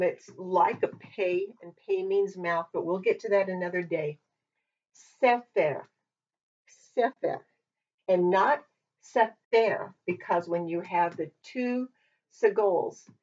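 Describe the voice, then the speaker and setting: A woman's voice: fairly low pitch, a little mellow, husky. A woman teaching a casual Hebrew lesson, thinking aloud and hedging as she explains words and vowel marks. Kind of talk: informal language lesson. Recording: dull lo-fi mic from a distance.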